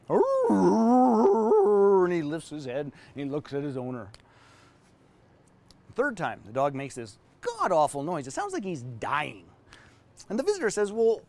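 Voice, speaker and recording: Give me an expressive man coaching entrepreneurs at a whiteboard, voice slightly high and very lively. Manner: animated, emphatic, storytelling. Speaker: business coach. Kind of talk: live-stream teaching at a whiteboard.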